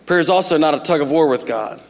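A man's voice: a little high, fast. A man in his forties, a pastor preaching a sermon, telling humorous family stories with asides to the congregation. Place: church sanctuary. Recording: reverberant hall.

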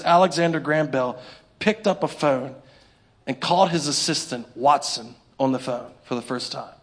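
A man preaching a sermon in a church, animated and humorous, acting out little scenes for the congregation. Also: medium pitch, normal speed. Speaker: pastor. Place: church sanctuary.

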